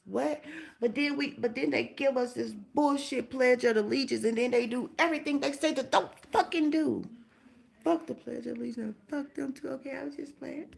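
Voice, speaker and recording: A woman's voice: sits high, vocal fry. A young woman ranting bluntly and profanely on a casual livestream, firing off rhetorical questions while doing her hair.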